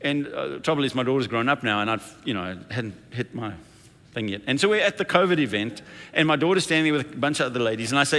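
Male senior pastor, anecdotal sermon delivery, mid-pitched voice, lively quoted voices, long hall reverb. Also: fast talker, few pauses. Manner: storytelling with playful acted-out quotes.

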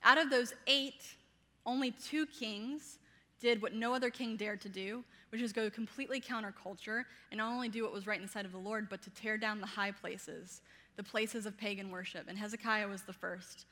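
A woman in her thirties with a Southern American accent, preaching a sermon energetically and playfully, laughing often and speaking fast. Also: medium pitch, fairly even intonation, sharp tone, long reverb tail. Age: 30s.

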